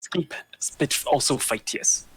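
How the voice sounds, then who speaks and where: A man's voice: measured pace, fairly bright tone, no echo, close to an everyday voice, low-quality recording. A man voicing Fleabite, a small odd creature who talks in clipped, broken sentences. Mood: puzzled. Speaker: player.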